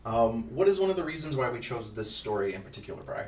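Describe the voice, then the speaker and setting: A man's voice: medium pitch, sing-song, quick pace, darkish tone. A man co-hosting a casual podcast as a father, talking in a rambling, playful way with lots of ums and restarts. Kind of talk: casual chat. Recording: echoey room, distant from the mic, faint noise.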